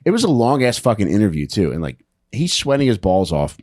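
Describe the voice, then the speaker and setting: A man's voice: on the low side, sing-song, fairly quick, a little mellow, no echo, studio quality. A man casually telling a story on a podcast, laid-back, swearing and saying "dude" a lot.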